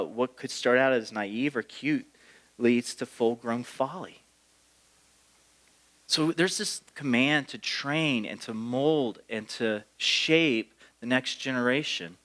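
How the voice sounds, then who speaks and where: A man's voice: mid-range voice, fairly bright tone. A man, the pastor, preaching a sermon in a conversational way, with asides and playful impressions of parents.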